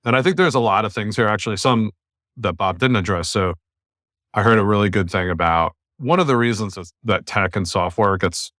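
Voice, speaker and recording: Man from the US, podcast host, blunt and emphatic, low voice, dry sound. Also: a little fast, a bit bright, no room sound. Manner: blunt, emphatic, talks in long runs of argument. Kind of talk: opinionated casual podcast talk. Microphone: remote call.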